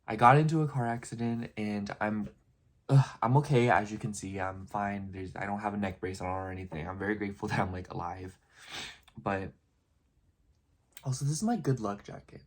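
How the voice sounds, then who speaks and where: A man's voice: on the low side, moderate pace. A young man telling a story in a casual vlog, rambling and filling his talk with "like" and "you know". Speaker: vlogger.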